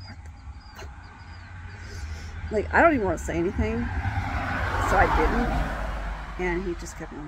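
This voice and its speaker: A woman recounts a personal story at an unhurried pace, her voice sitting a little low. She talks haltingly, filling gaps with ums and restarting sentences. Faint background noise sits under the recording. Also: gravelly. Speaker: vlogger telling a personal story. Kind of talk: casual storytelling.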